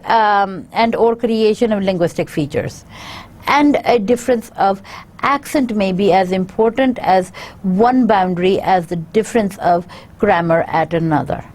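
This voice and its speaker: A woman lecturer, working through her slides at a measured, halting pace. She leaves frequent filler pauses and reads word lists aloud one item at a time. Her voice sits at a medium pitch. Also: darkish tone. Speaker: university lecturer. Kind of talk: recorded lecture reading from slides.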